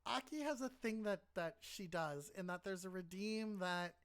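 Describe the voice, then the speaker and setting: A woman's voice: medium pitch, normal speed. A woman hosting a casual live-stream interview, teasing her guest and laughing easily.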